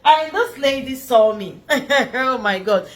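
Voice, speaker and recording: A woman's voice: high-pitched, lively intonation, slow. A middle-aged woman vlogger telling a personal story, earnest and emphatic, repeating phrases for stress.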